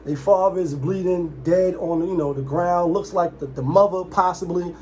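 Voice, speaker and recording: A man's voice: high-pitched, normal speed, warm tone. A young man hosting a casual commentary vlog. He rambles loosely, throws in asides and mimics the people he talks about. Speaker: commentary channel host.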